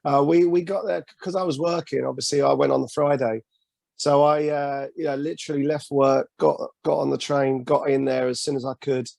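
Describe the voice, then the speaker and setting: A man with a North London accent, a guest on a podcast video call, telling his story in a relaxed way. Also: on the high side, fairly quick, creaky, no room sound. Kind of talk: casual video-call interview.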